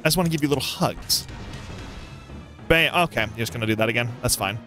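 A young man giving let's play commentary on a boss fight, excitable and taunting the enemy. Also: on the high side, brisk, soft background music. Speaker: gaming YouTuber.

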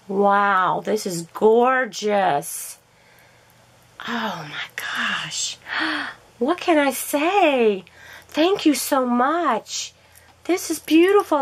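A woman gushing and gasping with delight as she unboxes a craft haul for her vlog. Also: a little high. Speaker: crafting vlogger.

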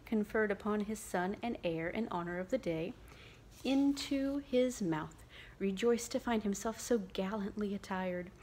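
A woman narrating an unabridged classic novel in a measured, expressive way. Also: mid-range voice. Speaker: audiobook narrator.

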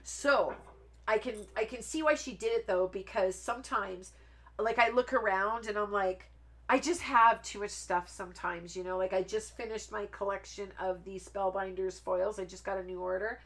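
A woman's voice: mid-range voice, moderate pace, fairly bright tone. A woman hosting a card making live stream, chatting in a rambling, friendly way and laughing often while she works. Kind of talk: casual live stream chat while crafting.

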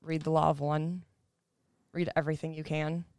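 Low, gravelly-voiced woman rambling. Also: little pitch movement, moderate pace, darkish tone, no echo, studio quality. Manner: rambling, blunt, swears freely. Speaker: podcast guest. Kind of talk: casual podcast chat. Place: podcast studio.

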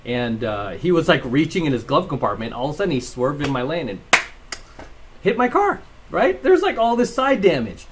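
A man's voice: fairly high pitch, big pitch swings, moderate pace, slight background noise. A man hosting his own vlog. He rambles through casual commentary and stories, laughs as he talks, and keeps asking "right?". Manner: rambling, tags lines with "right?"; laughs while telling stories. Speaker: channel host.

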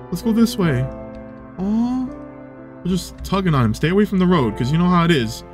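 Young male gaming host, high lively voice, excitable and chatty, home desk mic, soft game music underneath. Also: moderate pace. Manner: excitable, coos and gasps, chatty asides. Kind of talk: let's play commentary.

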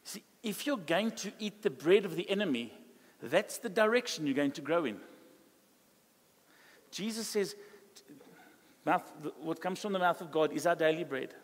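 A man with a South African English accent preaching a sermon in a conversational, animated way, acting out quoted dialogue. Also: a little high, moderate pace, pauses often. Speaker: pastor. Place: church hall. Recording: live church hall reverb.

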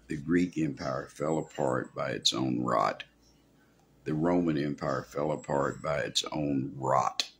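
A man's voice: extremely low pitch, slow pace, vocal fry, a bit bright, slight background noise. A male pastor preaching a sermon in a folksy, rambling way with asides.

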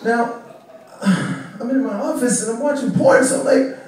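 A male stand-up comedian doing a set in a small club, telling stories in a profane, animated way and shouting out quoted lines. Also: very high-pitched, moderate pace. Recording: echoey club audio from far off.

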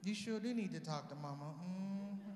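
A skeptical, churchgoing mother, put on by a male comedian, answers in low, knowing hums and slow remarks. The voice carries a roomy hall echo with a long tail. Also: a little mellow, close to an everyday voice. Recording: echoey hall.

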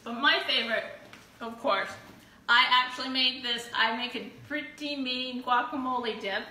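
A woman hosting a live giveaway stream fries tortilla chips in her home kitchen, chatting with viewers, bubbly and full of whoops. Her high voice has a sharp tone and fairly even intonation at normal speed. Recorded from a distance, she's a bit off-mic, with roomy echo and faint room noise.

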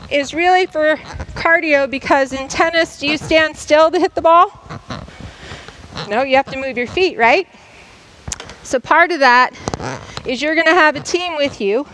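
A woman's voice: high-pitched, a bit bright, slight background noise, low-quality recording. A woman coach demonstrating tennis drills for a class in a school gym, explaining each step and checking in often. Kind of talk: instructional demonstration.

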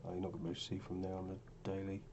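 A man's voice: low voice, monotone, very fast, mellow, dull audio, slight background noise. Tired man talking through charts. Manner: rambling, self-correcting, tired and yawning. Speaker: forex trading vlogger. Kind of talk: casual screen-share commentary.

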